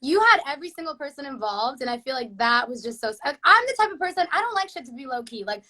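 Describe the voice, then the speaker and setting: A young woman with a high, bright voice joins a live Q&A as a guest. She talks in an animated rush, laughs often, and swears with ease. Her tone is sharp and lively. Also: fast talker. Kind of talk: casual chat, live Q&A.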